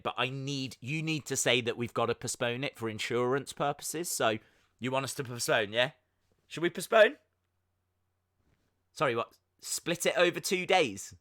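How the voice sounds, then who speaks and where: Bright, jokey man on a livestream. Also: a little high. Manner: animated, jokey, frequent laughs and mock voices. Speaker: livestream host. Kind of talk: live reaction stream chat.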